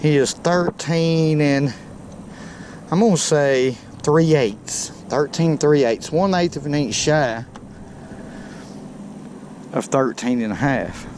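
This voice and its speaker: A man's voice: medium pitch, slow pace, pauses often, a little mellow, a little hiss or hum. A man hosting a fishing video, chatting in a folksy way from a boat by some docks and talking to the fish he catches. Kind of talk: casual outdoor fishing commentary.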